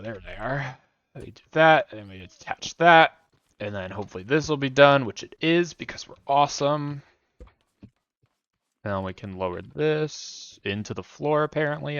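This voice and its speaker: A man's voice: mid-range voice, a bit bright, smooth, no echo, lo-fi sound. A young man streaming a building game, rambling through casual commentary with jokey self-mocking asides.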